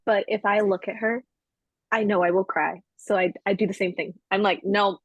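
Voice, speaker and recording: Woman, podcast co-host, casual chat, husky, candid, self-mocking, dry sound. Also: medium pitch, fairly even intonation, normal speed, no echo, muffled recording.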